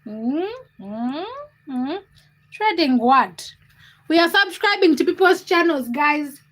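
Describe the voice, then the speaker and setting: A woman's voice: sits high, takes it slowly, a bit bright. A young woman, hosting a casual livestream and chatting with viewers by name in a giggly, teasing way. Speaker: livestream host. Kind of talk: casual livestream chat reading comments.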